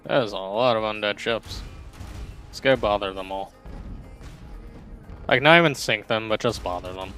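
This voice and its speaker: A man's voice: on the low side, normal speed, pauses often, a bit bright, clean tone, soft background music. A man casually chatting and rambling as he streams a pirate game, often laughing at himself. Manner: chatty, rambling, self-deprecating. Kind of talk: casual gameplay commentary.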